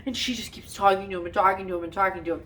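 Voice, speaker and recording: A woman's voice: mid-range voice, steady tone, rapid-fire, sharp tone, far from the mic, a little hiss or hum. A woman chatting casually as she bakes in her home kitchen, telling a storytime with exasperation, lots of fillers and frequent laughs. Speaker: home cooking vlogger. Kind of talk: casual storytime while baking.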